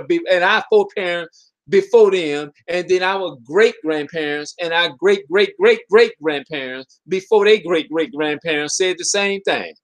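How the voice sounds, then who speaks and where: A man with a fairly high-pitched voice delivers a fervent, preachy monologue straight to his online viewers. He keeps circling back to the same rhetorical questions and often trips over his words and starts sentences again. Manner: stumbles and restarts mid-sentence. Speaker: video commentator. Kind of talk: impassioned spoken monologue to viewers.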